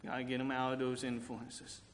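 A man's voice: medium pitch, completely flat delivery, a little fast, slight background noise. A man preaching a sermon, earnest and candid, mixing scripture with personal family stories. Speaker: pastor. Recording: echoey room with faint ambience.

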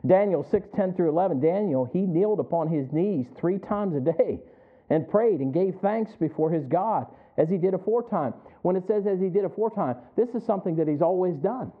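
A man's voice: high voice, lively intonation, brisk. A middle-aged man preaching a sermon. He talks conversationally, often chuckling, and keeps asking the congregation to answer him back. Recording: tinny phone-like sound.

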